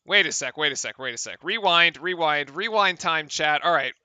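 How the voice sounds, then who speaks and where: Young guy doing fan play by play on a stream, super bright voice, keeps going what? at the refs. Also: on the high side, lively intonation, normal speed, clear, resonant tone, no echo. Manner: exasperated, incredulous, laughing at calls, rambling restarts. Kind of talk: live fan commentary.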